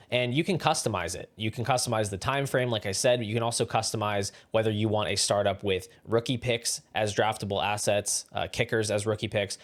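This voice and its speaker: A man with a somewhat low voice hosts his own video channel. He gives steady, explanatory advice in a scripted commentary style. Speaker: fantasy football channel host.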